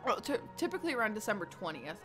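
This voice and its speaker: A young adult woman streamer chatting casually, telling rambling, animated stories full of filler words. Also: medium pitch, rapid-fire, music in the background. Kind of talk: casual storytelling chat.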